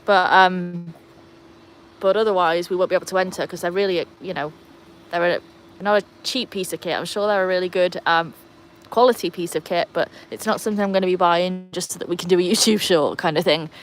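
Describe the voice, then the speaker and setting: Outdoors beside a pool, a woman hosts a casual live stream for her dog channel, rambling chattily with lots of fillers. Her voice is on the low side and fairly quick, with a little hiss or hum in the audio.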